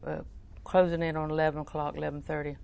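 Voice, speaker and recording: Low, gravelly-voiced older woman preaching. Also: flat delivery, quick pace. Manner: conversational, soft-spoken, drops to near whisper. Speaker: Christian teacher. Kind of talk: personal storytelling sermon.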